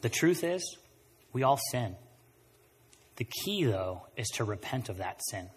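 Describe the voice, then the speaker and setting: A man preaching a sermon as pastor, animated, swinging between quiet and loud passages. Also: mid-range voice, a little slow, breathy edge. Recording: long reverb of a large room.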